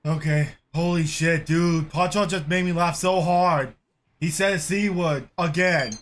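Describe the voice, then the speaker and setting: A man hosting a reaction video, loud and exclamatory, swearing often. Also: on the high side, fairly even intonation, a little slow. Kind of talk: excitable reaction commentary.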